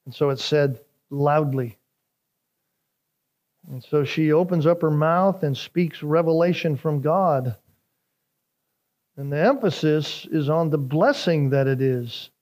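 Pastor, man, sermon delivery; unhurried, earnest, builds to emphatic peaks, some repeats. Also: on the high side, darkish tone. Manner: earnest preaching, rising in emphasis on scripture.

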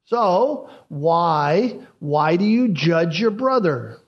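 A high-pitched man preaches a sermon at an unhurried, measured pace. He is deliberate and says his key phrases twice so they sink in. It sounds like a pastor teaching a congregation. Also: big pitch swings, dull audio. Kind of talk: expository sermon.

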